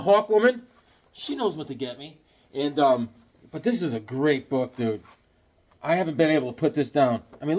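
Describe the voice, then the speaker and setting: A man chatting casually on his comic book channel, rambling through stories and doing voices. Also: fairly high pitch. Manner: rambling, animated storytelling with voices. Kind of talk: casual vlog chat.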